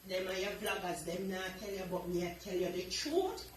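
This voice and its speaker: A woman's voice: on the low side, lively intonation, a little fast, echoey room, distant mic, slight background noise. A woman talking in a clip that is played back for commentary.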